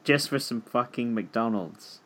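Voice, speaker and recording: A man's voice: medium pitch, lively intonation, measured pace, a crowd in the background. A man co-hosting a podcast in casual chat, teasing and joking with his co-host and swearing freely.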